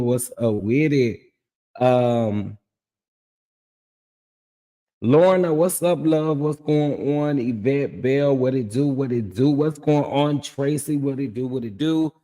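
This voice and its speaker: A man's voice: mid-range voice, dark tone, in a large hall. A man with a scratchy voice, casually hosting a livestream and chatting with viewers by name. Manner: greets viewers by name, drawls "child" and "y'all". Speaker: livestream host recapping a reality show.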